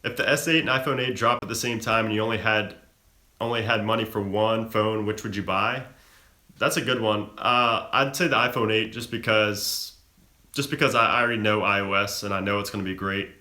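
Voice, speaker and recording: A man's voice: fairly low pitch, fairly even intonation, fairly quick, pushed and bright, reverberant. A young man hosting a live stream, reading out viewer questions from chat and answering them casually. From Florida-born, raised in Chicago.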